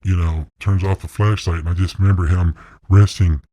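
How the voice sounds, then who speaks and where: A middle-aged man, an interview guest, telling his hunting story in a blunt, excited way and swearing freely. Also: low-pitched, a little fast, no echo. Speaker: interview guest, deer hunter. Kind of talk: casual storytelling.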